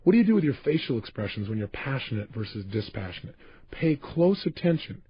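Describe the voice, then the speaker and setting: A man's voice: mid-range voice, very animated, a little fast, husky, no echo. A man speaking as a motivational speaker on a recorded self-help tape, passionate and emphatic, addressing the listener directly. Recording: dull lo-fi tape.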